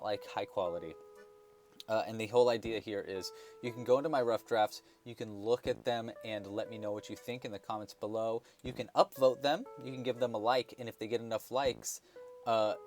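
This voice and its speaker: A man's voice: mid-range voice, a little mellow. A man hosting a casual crochet livestream, chatting loosely with many fillers and restarts and counting stitches aloud under his breath.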